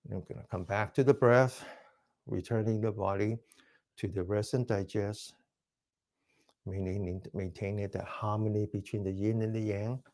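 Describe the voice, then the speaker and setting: A man teaching a mindfulness class, calmly guiding stretches and breathing, counting slowly and dropping to a soft whisper on the breathing phrases. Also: on the low side. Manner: calm step-by-step instructions, counting slowly. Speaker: mindfulness exercise instructor. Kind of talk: guided movement and breathing class.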